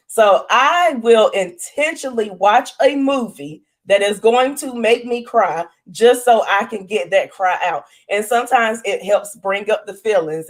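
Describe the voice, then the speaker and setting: A woman, chatting candidly and laughing often as a co-host. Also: medium pitch. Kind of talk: casual chat.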